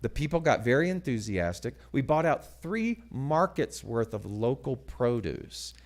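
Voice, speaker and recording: A man telling a story as a sermon, dramatic and animated, dropping to hushed asides. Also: medium pitch, measured pace. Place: church sanctuary.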